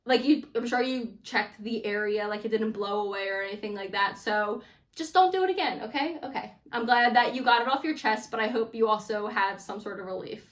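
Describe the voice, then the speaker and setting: Chatty woman host with a higher voice. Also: fairly quick. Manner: chatty, gushing, many "like" fillers. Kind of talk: casual reaction chat.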